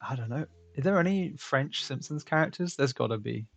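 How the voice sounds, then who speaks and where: Gravelly-voiced man hosting a chatty stream. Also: medium pitch, expressive, brisk, dry recording. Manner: chatty, joking, laughs often. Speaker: stream host. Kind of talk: casual stream chat.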